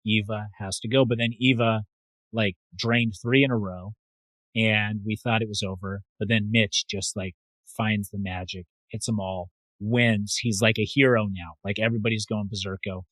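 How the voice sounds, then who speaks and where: Male podcast co-host, middle-aged, low voice, dry close sound, quick chatty delivery. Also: steady tone, a bit bright, dry recording, rough recording. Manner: quick, chatty, filler-heavy. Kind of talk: casual chat.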